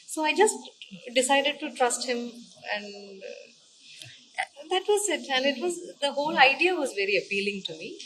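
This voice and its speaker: A woman's voice: sits high, very animated, measured pace, fairly bright tone, slight background noise, rough recording. A woman actress speaking in an interview, eager and chatty, often correcting herself mid-sentence. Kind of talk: casual interview talk.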